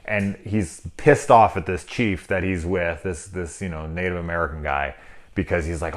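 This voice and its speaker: A man's voice: low voice, normal speed. A man in his thirties giving a casual, rambling movie review, full of swearing and sarcastic asides. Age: 30s.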